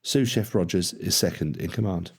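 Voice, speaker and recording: A deep-voiced man reads a friendly, plump young kitchen lad in an audiobook. He sounds easygoing and matter-of-fact, and his talk is blunt and casual. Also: moderate pace, husky. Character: friendly tubby young male kitchen hand.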